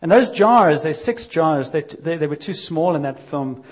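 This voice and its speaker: Lively preacher, lo-fi recording. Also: male voice, fairly high pitch, normal speed, husky. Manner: lively, conversational storytelling with acted-out quotes. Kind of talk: sermon.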